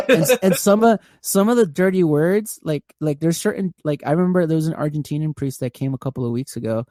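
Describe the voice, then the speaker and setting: Rambling mellow-voiced man telling stories. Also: a little high, no room sound, clean studio sound. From California, USA. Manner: rambling storyteller, heavy use of "like", laughs often. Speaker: podcast guest. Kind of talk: casual chat.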